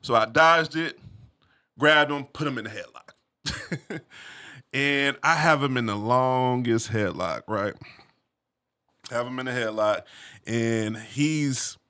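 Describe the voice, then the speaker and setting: A man recounts a story from his own life in a loose, animated way, peppered with street slang and asides to the listener. His voice is bright and forceful, sitting at an ordinary middle pitch for a man. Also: slow pace, long pauses, smooth. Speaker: vlogger telling a personal story. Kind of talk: casual storytelling.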